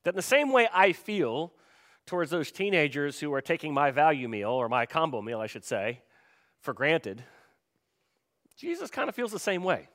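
A man's voice: on the high side, big pitch swings, normal speed, fairly bright tone. A man preaching a sermon in a conversational way, often turning to ask the congregation questions. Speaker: pastor.

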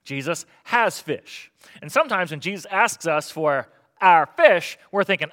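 Middle-aged male pastor, bright forceful tone, lively conversational sermon delivery. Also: a little high, measured pace. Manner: animated, conversational preaching with rhetorical questions.

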